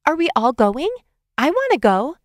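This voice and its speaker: A woman's voice: sits high, very animated, dry recording, clean studio sound, pitched above the performer's own voice. A woman doing a chattering little girl. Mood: eager. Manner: rapid, eager questions.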